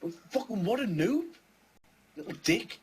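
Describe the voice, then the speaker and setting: A man's voice: high-pitched, big pitch swings, a little slow, slight background noise, low-quality recording. A man co-hosting a gaming chat, telling rambling stories full of swearing. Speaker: gaming channel co-host. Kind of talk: casual banter podcast.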